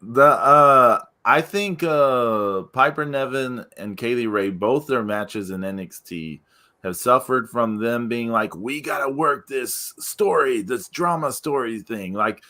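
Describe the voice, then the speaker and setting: A man's voice: medium pitch, animated, slow pace, bright, forceful tone. A man hosting a wrestling podcast in casual chat, rambling with many restarts. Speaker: podcast host.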